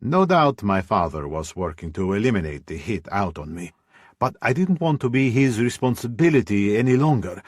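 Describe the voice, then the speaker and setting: A man reading a first-person audiobook in a measured, brooding way on a close studio mic. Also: lowish voice, big pitch swings, no echo. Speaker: audiobook narrator.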